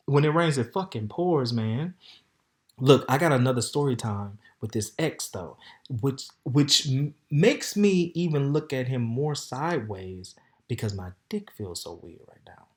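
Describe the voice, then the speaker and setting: A man hosting a podcast, telling a candid story in a sassy, flamboyant way, with loud outbursts and low mutters. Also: unhurried. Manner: flamboyant, sassy, animated, calls listeners "baby" and "honey". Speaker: podcast host. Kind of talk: casual storytelling monologue.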